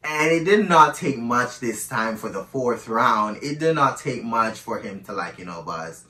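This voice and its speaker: A chatty man tells a candid personal story, tossing "girl" into his sentences as he goes. His voice is bright and forceful. He sits back from the mic, and the room adds a noticeable echo. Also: medium pitch, expressive, a little slow, far from the mic. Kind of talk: casual storytime monologue.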